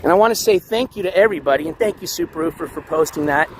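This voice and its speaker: A man hosting a casual walking livestream outdoors, reading the chat aloud, shouting thanks for donations, and losing his voice. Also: on the high side, very fast. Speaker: livestream host. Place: outdoors on city streets, walking dogs. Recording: faint street noise outdoors.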